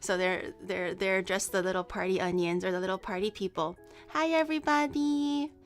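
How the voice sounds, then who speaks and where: A woman's voice: on the low side, flat delivery, brisk, clear, resonant tone, faint music behind. A woman hosting a casual stream chat, bubbly and rambling, laughing often. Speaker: streamer host.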